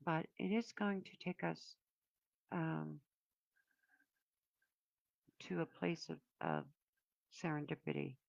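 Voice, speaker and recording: A woman with a deep, heavily gravelly voice talks her viewers through a spiritual card reading, meandering and reflective, pausing often to find her words. The sound is dry and a little dull, like a lo-fi home recording. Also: dry recording. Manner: meandering, reflective, with frequent pauses and fillers. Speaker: oracle card reader.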